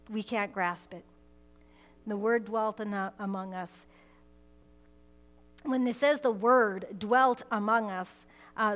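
A woman preaching a sermon in an earnest way, building to forceful emphasis, with frequent restarts. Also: on the high side. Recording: long hall reverb.

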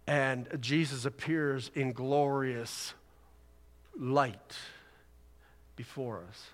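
A man's voice: mid-range voice, steady tone, extremely slow, big-room sound. A man preaching a sermon, chatting along casually and then building to emphatic exhortation. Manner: conversational, rising to emphatic exhortation. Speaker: pastor.

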